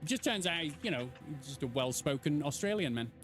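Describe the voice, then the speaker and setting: An animated English man on a live game stream, chatting with his viewers and swearing freely. His voice runs high and swings a lot in pitch. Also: brisk, faint music behind. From England. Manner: animated, swearing, answering chat. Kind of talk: casual live-stream chat while gaming.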